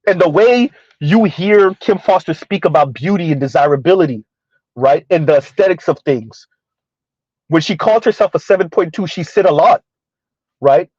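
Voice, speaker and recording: Man, casual streamer commentary, rambling and conversational; slightly high voice, dry dull lo-fi sound. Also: expressive, normal speed, darkish tone, husky, no echo. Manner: rambling, conversational, frequent "right?" and "like". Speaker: commentary streamer reading chat.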